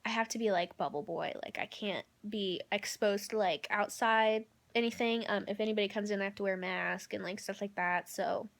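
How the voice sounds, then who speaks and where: A woman's voice: mid-range voice, fairly quick, gravelly, few pauses. A young woman giving a candid, rambling personal video update from a hospital room, with lots of ums and likes. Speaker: vlogger.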